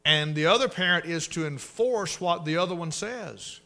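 Forceful preaching man. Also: fairly high pitch, moderate pace. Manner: preaching, swinging from hushed asides to loud emphatic bursts. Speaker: pastor. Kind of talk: sermon.

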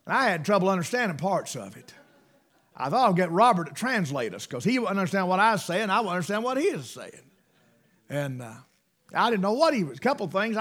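A man preaching a sermon in a folksy, emphatic way, swinging between loud bursts and hushed asides. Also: high voice.

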